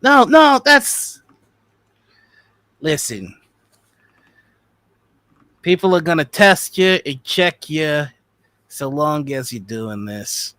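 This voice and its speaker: A man running a tabletop role-play game, voicing a gruff shopkeeper in halting, restart-filled speech. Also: a little high, sing-song, no room sound. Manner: halting, full of restarts, swings loud when upset. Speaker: game master.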